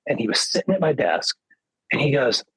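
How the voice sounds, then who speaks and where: A man's voice: mid-range voice, brisk, breathy edge, no room sound, rough recording. A middle-aged man, a guest guitarist, telling stories in a casual interview and acting out what others said. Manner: lively anecdote teller, acts out quoted dialogue.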